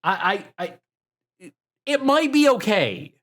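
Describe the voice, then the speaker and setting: Lively slow-talking male podcast co-host. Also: high-pitched. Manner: joking, profane, trailing off with fillers. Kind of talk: casual comedy podcast banter.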